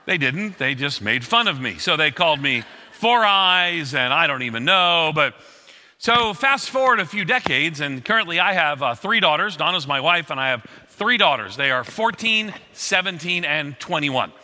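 A middle-aged man preaching in a large hall, his voice bright and cutting with a high, lively pitch. He tells stories with animated, acted-out quotes, and a long reverb trails behind each phrase. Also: normal speed. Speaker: pastor. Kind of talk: sermon.

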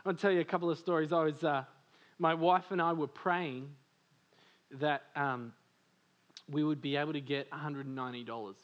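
A man from Australia preaching a sermon, animated and full of stories, laughing often and saying "like" a lot. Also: a little high, normal speed, pauses often, dull audio. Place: church service.

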